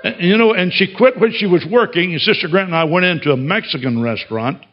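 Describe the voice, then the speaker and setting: A man's voice: sits high, fast talker, dull audio. A man preaching a sermon as a pastor, telling stories in a folksy way and chuckling often.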